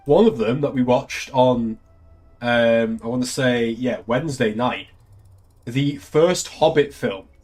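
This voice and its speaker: A man's voice: medium pitch, takes it slowly, a little mellow, slightly rough, soft background music. An English man, a young adult, chatting casually on a live stream, laughing often and swearing freely. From England. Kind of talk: casual chat.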